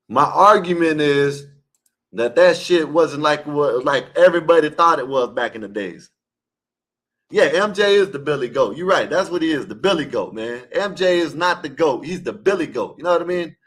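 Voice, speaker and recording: Male caller, somewhat high voice, heated casual sports debate, emphatic and repetitive. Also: animated, normal speed, a bit bright. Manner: emphatic, repetitive, scolding the listeners. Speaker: caller in an online open panel.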